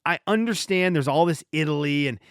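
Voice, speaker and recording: Podcast guy in his 30s, kinda high voice that jumps all over, joking around, dry close sound. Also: brisk, clear, resonant tone, no room sound. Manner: animated, joking, often restarts sentences. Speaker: podcast host. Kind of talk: casual solo podcast storytelling.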